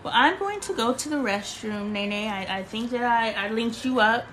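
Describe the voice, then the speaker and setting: A woman hosts a casual livestream from her bedroom. Her voice sits fairly high, and she talks in an emphatic, preachy way, circling back to repeat her points. A faint hiss runs under the recording. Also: normal speed, a bit bright. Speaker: livestream host.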